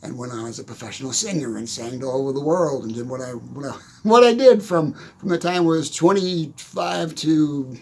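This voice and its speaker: A man in his sixties giving a casual motivational talk, telling stories in an animated way and chuckling often. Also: medium pitch, moderate pace, creaky, hardly any pauses, husky. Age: 60s. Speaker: motivational speaker.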